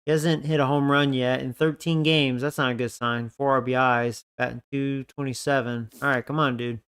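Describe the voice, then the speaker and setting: A man's voice: medium pitch, flat delivery, normal speed, fairly bright tone, clean tone, dry recording, studio quality. A man giving casual, profanity-laced commentary on a baseball video game, grumbling about his team. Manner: profane, grumbling, frustrated asides. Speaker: gaming video creator.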